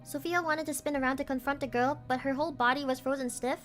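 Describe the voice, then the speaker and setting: A woman streamer with a high, bright voice reads a horror game's story text aloud as she plays. She is jumpy, and she often drops out of the narration to swear, yelp or laugh nervously. Faint music plays underneath. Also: fairly even intonation, fast.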